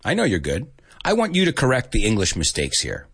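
A man's voice: lowish voice, huge pitch swings, brisk, fairly bright tone, husky. An American man running a playful live English lesson, his voice bouncing up and down as he talks. He mixes in bits of Spanish and jokes with his viewers. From United States. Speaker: English teacher.

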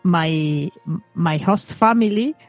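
A person chatting casually in English as a learner, speaking hesitantly with halting phrasing. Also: medium pitch, faint music behind. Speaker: language learner in conversation. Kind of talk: casual chat.

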